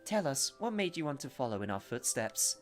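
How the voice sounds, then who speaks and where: A man's voice: mid-range voice, sing-song, brisk, soft background music, lightly acted. A man voicing a vain, glamorous female stage singer in a game, haughty and teasing.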